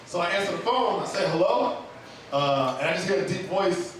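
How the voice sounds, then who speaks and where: A man telling a comedic personal story at an open mic, in an animated, conversational way with comic asides. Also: high voice, a little fast. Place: live open mic venue. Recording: echoey room from far off, noisy.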